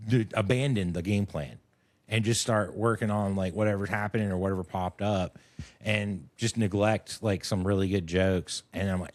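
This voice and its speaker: Man, middle-aged, comedian, very low voice, rambling, halting, close dry mic. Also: steady tone, no echo. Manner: rambling, halting, self-critical. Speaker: comedian guest. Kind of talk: casual podcast chat.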